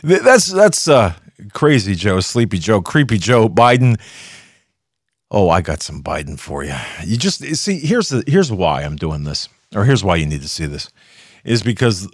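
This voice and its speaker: A male political talk host rambles through a sarcastic opinion monologue, stumbling and restarting as he goes. His voice sits very low but swings widely in pitch, and the dry recording keeps it close and free of room sound. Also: very animated, unhurried, no echo.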